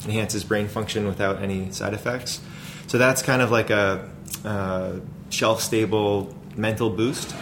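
Rambling low-voiced man, full of fillers. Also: steady tone, a little slow, noisy background. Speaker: food company founder. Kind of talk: casual interview talk.

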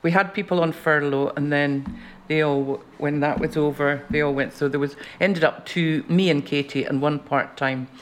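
A woman's voice: low voice, fairly even intonation, normal speed, hardly any pauses, slight background noise. An older woman, a podcast guest, chatting casually and telling stories in a blunt, teasing way. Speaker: guest, festival venue director.

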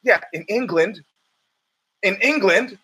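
Male podcast host, rambling and restless, bright, pushy tone. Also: high voice, slow pace, husky. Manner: rambling and animated, with many restarts and stammers. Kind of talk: casual monologue.

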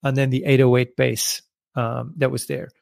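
A man's voice: medium pitch, little pitch movement, normal speed, vocal fry, a little mellow, no room sound, studio quality. A man hosting a solo podcast, talking casually and thinking aloud with frequent fillers and restarts. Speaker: podcast host.

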